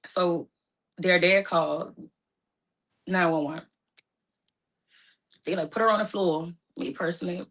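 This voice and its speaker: Woman guest, lowish voice, telling her own story in casual speech; spikes high when upset. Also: measured pace, pauses often, a bit bright. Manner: emotional, rising to high pitch when distressed; speaks casually with informal phrasing. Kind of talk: personal storytelling in conversation.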